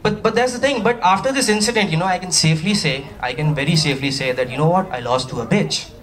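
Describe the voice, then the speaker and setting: Quick-paced and animated, a male stand-up comedian from Pakistan delivers his routine to a live audience, his voice fairly high. He keeps up chatty banter and playful side remarks to the crowd. The live microphone is a bit far off and picks up faint hiss.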